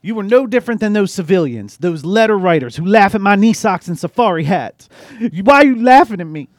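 A man's voice: sits high, expressive, brisk, dry recording, clean studio sound. A man reading as a bitter, unhinged mailman. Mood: aggrieved. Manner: bitter, aggrieved rant. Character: unhinged adult male mailman with a bomb. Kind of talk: comedic script read-along.

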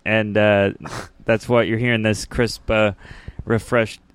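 A man's voice: fairly low pitch, little pitch movement, a little slow, clear, resonant tone, no room sound. A man co-hosting a podcast, telling a rambling story in casual chat and laughing often into a close mic. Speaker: podcast co-host.

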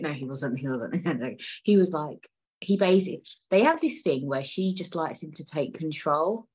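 Low husky-voiced woman podcaster. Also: animated, normal speed, a little mellow, rough recording. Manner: digressive, swears freely, laughs often. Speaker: podcast host. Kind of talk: casual solo podcast chat.

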